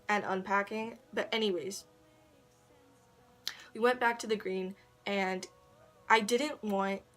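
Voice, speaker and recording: A woman's voice: mid-range voice, fairly bright tone. Rambling, giggly young woman vlogger. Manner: rambling, giggly, full of ums and likes. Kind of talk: casual storytelling to camera. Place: her own bedroom. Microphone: camera propped on a tissue box.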